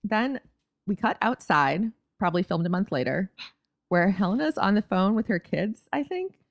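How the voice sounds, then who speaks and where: A woman's voice: mid-range voice, expressive, normal speed, dry recording, highs cut off. A woman co-hosting a podcast, recapping a TV episode in casual, wry chat. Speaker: podcast co-host.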